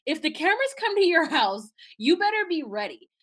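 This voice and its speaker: A woman co-hosting a casual podcast, recapping a reality show in an animated way, laughing and acting out quotes. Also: high voice, fairly quick. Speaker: podcast co-host.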